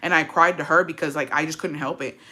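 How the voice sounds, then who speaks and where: Fast-talking bright young woman, blunt storyteller. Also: sits low, fairly even intonation. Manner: blunt, heavy swearing, switches into Spanish; rambling with restarts and "like" fillers. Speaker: vlogger telling a personal story. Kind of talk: casual storytime monologue.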